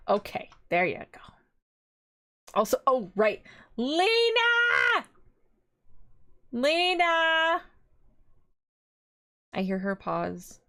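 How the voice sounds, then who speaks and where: A woman's voice: medium pitch, no echo. A young woman streaming live as a vtuber, chatting casually in a rambling, giggly way.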